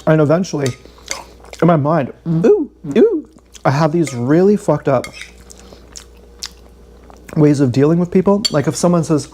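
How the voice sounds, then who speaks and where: A man's voice: a little high, moderate pace, pauses often, a little mellow, slight background noise. A man telling a long, candid, swearing story about his day in a rambling vlog. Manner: swearing, candid, self-deprecating, repeats himself. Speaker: vlogger.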